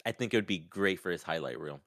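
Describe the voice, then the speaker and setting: A man talking casually about a fight, often acting out what others said in a raised, lively voice. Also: low-pitched, fast talker, no room sound, studio quality. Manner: animated, acts out quotes in raised voice. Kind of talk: casual sports chat.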